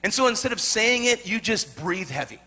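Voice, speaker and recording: Male pastor, high bright voice, lively storytelling sermon, calls for amens. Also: brisk. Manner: animated storytelling, repeats words, asks congregation for amen.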